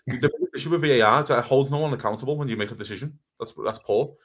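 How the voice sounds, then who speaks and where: Man, podcast co-host, rapid-fire heated rant with swearing, mid-pitched. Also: fairly bright tone. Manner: fast, heated ranting with swearing. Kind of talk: casual football chat.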